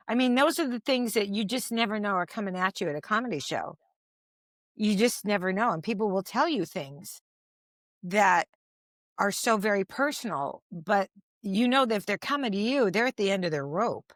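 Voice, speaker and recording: A woman's voice: mid-range voice, lively intonation, moderate pace, no echo. A woman in her sixties, a stand-up comedian, telling stories as an interview guest, rambling with many restarts and fillers. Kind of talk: casual anecdotal storytelling.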